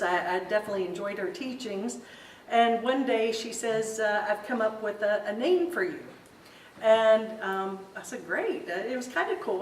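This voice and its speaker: A woman giving an informal spiritual talk to a group in a meeting room, telling stories in a chatty way and laughing easily. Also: medium pitch. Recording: roomy echo, distant mic, faint hiss.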